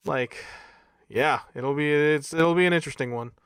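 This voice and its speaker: A man's voice: a little high, moderate pace, smooth, dry recording, studio quality. A man co-hosting a podcast, chatting casually in a loose, rambling way with chuckling asides. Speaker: podcast co-host. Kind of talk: casual chat.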